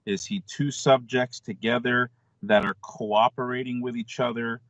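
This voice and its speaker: A man as a radio show guest, explaining in a measured way with frequent ums, on dull lo-fi call audio. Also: medium pitch, fairly even intonation, fairly bright tone, no echo. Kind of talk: explanatory interview talk.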